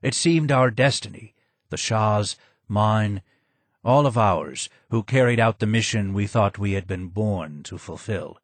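A broken old exile speaks slow and low, as a man puts him on, hoarse and heavy with sadness. The voice is recorded close and dry, with no room sound. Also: dry recording. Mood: sorrowful. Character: broken old male former royal advisor, hoarse, sad.

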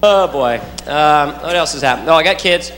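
A man's voice: fairly high pitch, brisk. A man doing stand-up comedy, playful, acting out his children with silly voices. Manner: playful, does silly voices and sound effects. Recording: echoey hall, loud crowd and noise.

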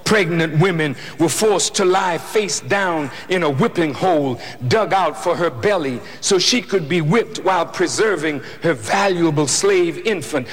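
High-pitched man preaching in an echoey hall. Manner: preaching, rising to shouts, slow deliberate emphasis. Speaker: preacher addressing an audience. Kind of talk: impassioned speech. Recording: echoey hall with faint noise.

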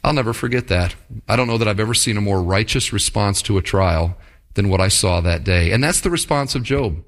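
A man's voice: lowish voice, lively intonation, brisk. A man preaching a sermon as a church pastor, with a conversational style, asking the congregation rhetorical questions and building to emphatic points. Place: church service.

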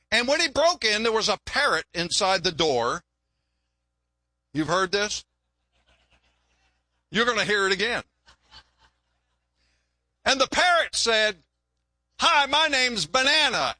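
An older man preaches in a folksy, storytelling way, stumbling over and repeating words. His voice sits high for a man and sounds bright, and the recording is dry and close. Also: no echo. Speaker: pastor. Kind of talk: sermon. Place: church.

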